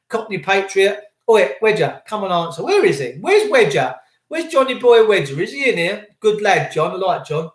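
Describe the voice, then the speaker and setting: A high-pitched man running a livestream, slipping into mocking sarcasm as he rants at his viewers. His voice bounces around an echoey room. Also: sing-song, normal speed. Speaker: livestream host. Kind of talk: ranting livestream commentary reading chat.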